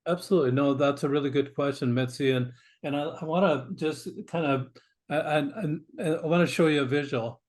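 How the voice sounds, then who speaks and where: Earnest man, higher-pitched, emphatic guest. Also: steady tone, a little fast, darkish tone. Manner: earnest, emphatic, repeats words when starting sentences. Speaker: podcast guest. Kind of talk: conversational interview.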